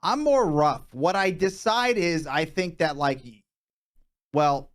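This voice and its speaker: Deadpan man bluffing through an interview. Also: fairly high pitch, slow. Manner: deadpan, bluffing salesman bravado. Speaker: mock job interviewee. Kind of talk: improv comedy.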